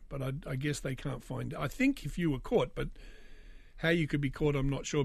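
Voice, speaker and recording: This is a man from Britain hosting his own podcast, his voice a touch higher than usual for a man and still a little raspy from a recent illness. He rambles through the chat with a steady stream of sardonic jokes. The sound is close and dry, with no room around it. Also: dry recording. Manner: rambling, jokey, sardonic asides. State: slightly raspy after illness. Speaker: podcast host. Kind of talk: casual solo podcast chat.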